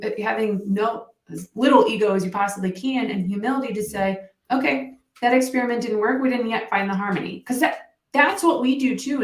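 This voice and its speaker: Woman, mental performance coach, podcast guest, lively storyteller, acts out quotes, echoey room. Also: a little high. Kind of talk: podcast interview guest, casual chat.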